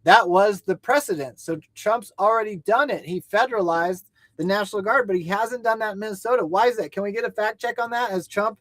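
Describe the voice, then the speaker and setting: A man co-hosting a livestream news show, ranting angrily and swearing, rising to shouts at times. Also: high voice, a little fast, few pauses, dry recording. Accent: American. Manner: angry, profane, shouting at times. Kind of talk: heated ranting livestream commentary.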